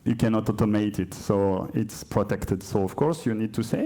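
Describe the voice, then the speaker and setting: A French-accented conference speaker with a lowish, mellow voice talks at normal speed during a live coding demo in a conference hall. Hesitant and self-correcting, he sprinkles in chatty asides.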